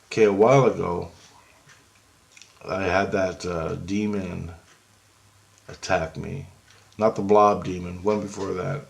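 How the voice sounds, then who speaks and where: A man with a low, gravelly voice tells a rambling story straight to camera. He gets excitable as he goes and keeps quoting each side of a conversation back and forth. It has the loose, unscripted feel of a casual vlog monologue. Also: slow pace, long pauses. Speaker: vlogger.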